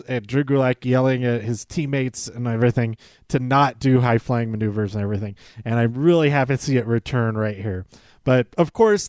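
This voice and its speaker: A man's voice: medium pitch, darkish tone, clear, resonant tone, no echo, clean studio sound. A male podcast host chatting casually through a show recap, chuckling and stumbling over his words as he goes. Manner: chatty, self-interrupting, chuckles often; acts out quoted lines in livelier voices.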